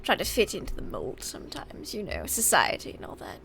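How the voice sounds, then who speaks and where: A woman playing a tabletop role-playing game, talking in a playful, animated way, partly in character. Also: medium pitch, fairly quick, gravelly, a little hiss or hum. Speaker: player.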